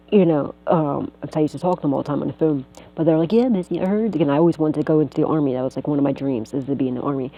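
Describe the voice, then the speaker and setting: A woman's voice: sits low, mellow, poor audio. A woman vlogger and tarot reader, telling a story casually, laughing often, swearing freely and acting out what others said. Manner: acts out quoted voices.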